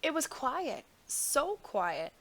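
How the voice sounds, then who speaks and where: Unhurried woman reading a fairy tale. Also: high-pitched. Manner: unhurried, expressive. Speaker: storyteller. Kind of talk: storybook narration.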